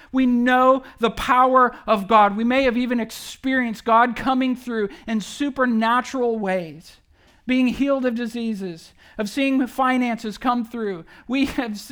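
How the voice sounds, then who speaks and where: Animated conversational preacher. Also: mid-range voice, measured pace. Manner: conversational preaching with many rhetorical questions; animated, acts out quoted speech. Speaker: pastor. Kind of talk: sermon.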